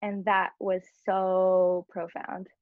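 A young adult woman, a podcast guest, telling her story in a chatty, expressive way. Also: medium pitch, takes it slowly, dry recording. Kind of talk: conversational interview. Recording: dull, dry lo-fi audio.

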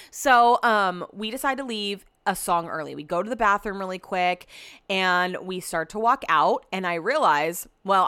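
A young adult woman hosting a podcast, telling a story in a casual, animated way with frequent swearing. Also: medium pitch, no echo. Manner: animated, with swearing and quoted asides. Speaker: podcast host.

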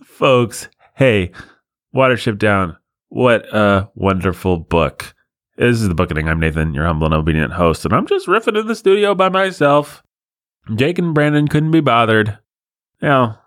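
Lively, sarcastic male podcast host. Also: lowish voice, no echo, studio quality. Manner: sarcastic, self-deprecating, rambling. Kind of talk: solo podcast riffing. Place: studio.

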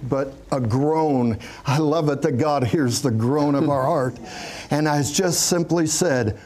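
Slow, earnest pastor telling his story. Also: fairly high pitch, a little mellow, a little hiss or hum. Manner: earnest storytelling, chuckling as he speaks. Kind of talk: personal testimony in a TV interview.

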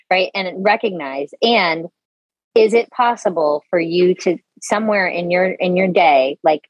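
A woman's voice: fairly low pitch, measured pace, dry recording, dull audio. A woman guest on a podcast, talking casually and animatedly, swearing now and then. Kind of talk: casual conversational interview.

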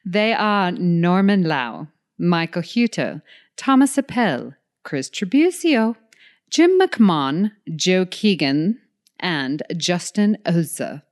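A woman co-hosts a chatty podcast, speaking slowly and unhurriedly. Her voice is smooth and clear, with an enthusiastic, giggly manner. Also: on the low side, very animated. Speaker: podcast co-host. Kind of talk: casual chat.

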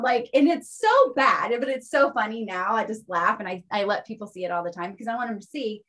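A woman guest in a casual podcast interview, telling stories in an animated way and often tagging her points with "right?". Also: a little high, fairly quick, hardly any pauses.

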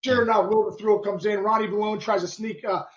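A middle-aged man, a former ballplayer hosting a podcast, telling a story in casual, animated chat with bursts of sound effects. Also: high-pitched, a little fast, muffled recording. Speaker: podcast host, former baseball player.

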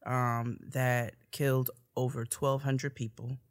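A woman's voice: extremely low pitch, little pitch movement. A woman co-hosting a podcast, talking in a loose casual way with frequent laughter and restarts. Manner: laughs often, drawn-out casual talk with restarts. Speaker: podcast co-host. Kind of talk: casual chat.

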